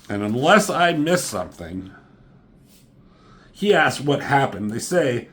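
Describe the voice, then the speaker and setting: A man reviews a comic book casually, mocking the characters with sarcasm, profanity and quick impressions. His mid-range voice is very animated.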